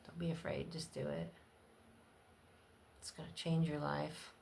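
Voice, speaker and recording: A middle-aged woman with a notably low voice chats unfiltered in a personal vlog. She rambles, drops fillers and swears freely, and now and then jumps much higher to act out what others said to her. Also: sing-song, measured pace, gravelly, darkish tone, slight background noise. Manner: acts out other people's lines in a much higher voice. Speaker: vlogger. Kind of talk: unscripted personal vlog chat.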